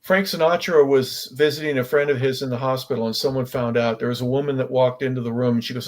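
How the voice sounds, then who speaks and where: A man's voice: mid-range voice, steady tone, fast talker, hardly any pauses. Agreeable male sports radio co-host. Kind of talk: sports talk radio chat.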